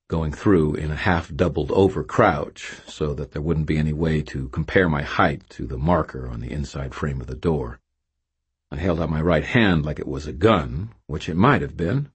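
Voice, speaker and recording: A man's voice: very deep voice, breathy edge. A man narrating a first-person novel with a wry, self-mocking storytelling manner. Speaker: audiobook narrator.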